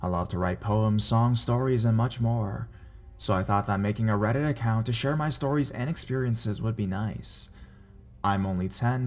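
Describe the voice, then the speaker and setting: A man reading reader-submitted scary stories aloud in a measured, even narration. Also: on the low side. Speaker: horror story narrator.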